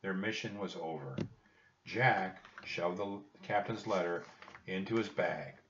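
A man reading a children's chapter book aloud with expressive storytelling. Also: low-pitched, unhurried, background noise. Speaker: audiobook reader. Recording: distant roomy dull home recording.

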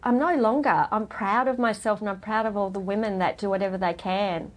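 A middle-aged woman, a podcast guest, telling her story in a heartfelt, halting way with frequent restarts. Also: medium pitch. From Australia. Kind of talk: emotional personal interview.

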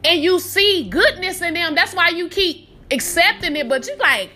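A woman hosting a podcast, giving casual, profane, animated motivational advice with frequent laughs, calling the listener baby. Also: very high voice, moderate pace, faint music behind. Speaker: podcast host.

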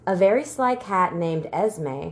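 Chatty woman with a lowish voice. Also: animated, slow pace. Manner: chatty storyteller, laughs often, swears casually. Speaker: podcast co-host. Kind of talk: casual chat.

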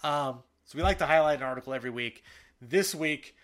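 A man co-hosting a soccer podcast in casual talk, animated and fired up, with frequent fillers and restarts. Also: a little high, brisk. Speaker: podcast co-host.

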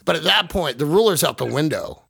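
A man's voice: on the high side, expressive, brisk, creaky, fairly bright tone, slightly rough, dry recording, clean studio sound. A young man on a podcast, chatting casually over a video call and telling stories while laughing and swearing. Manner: laughing storyteller, swears freely. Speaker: podcast host. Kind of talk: casual chat.

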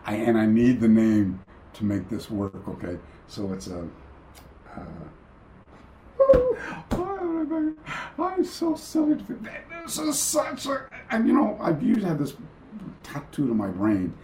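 A man's voice: medium pitch, huge pitch swings, takes it slowly, dark tone, echoey room, a little hiss or hum. A man, a karate master and podcast guest, telling anecdotes in a rambling way, often stopping and restarting. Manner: rambling, self-interrupting, many fillers and restarts. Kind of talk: anecdotal storytelling in a remote interview. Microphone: video call.

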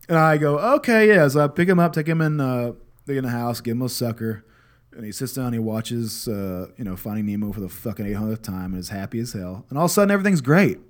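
A man in his thirties tells a story from home in a loose, unscripted way, swearing freely and poking fun at himself. His voice sits at an ordinary middle pitch. He drifts into reflective advice, still relaxed and candid. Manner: candid, profane, reflective, self-deprecating. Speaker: podcast host and father. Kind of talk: casual storytelling monologue.

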